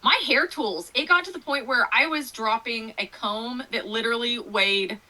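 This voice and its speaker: Woman guest, higher bright voice, rambling lively storytelling, laughs a lot. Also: moderate pace, rough recording. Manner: animated storytelling, laughing often, many fillers. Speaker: author guest. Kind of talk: casual interview chat.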